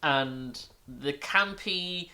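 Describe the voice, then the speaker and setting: A man's voice: fairly high pitch, pushed and bright. Rambling man recapping a film. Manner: rambling, halting, full of restarts and fillers; amused and incredulous. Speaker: film review vlogger. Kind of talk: casual film recap and review.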